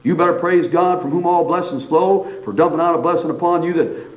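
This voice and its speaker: A man preaches in a folksy, animated way, leaning on asides and repetition. His voice sits fairly high for a man. The recording is dull and lo-fi. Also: brisk. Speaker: pastor. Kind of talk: sermon.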